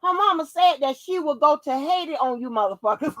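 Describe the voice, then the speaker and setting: High-voiced woman, loud profane commentary. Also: poor audio. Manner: animated, profane, laughs often. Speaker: YouTube commentator. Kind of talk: casual commentary vlog.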